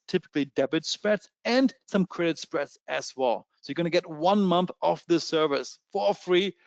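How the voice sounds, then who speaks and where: A man with a German accent giving a fast, eager sales pitch in a trading webinar, with many fillers. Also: no room sound, muffled recording. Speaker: webinar presenter.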